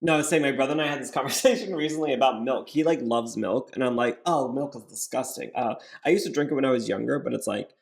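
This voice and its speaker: A woman co-hosting a casual podcast, with a gravelly edge to her voice. She throws in dry, teasing one-liners during the chat. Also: very deep voice, fast talker, few pauses, darkish tone. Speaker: podcast co-host.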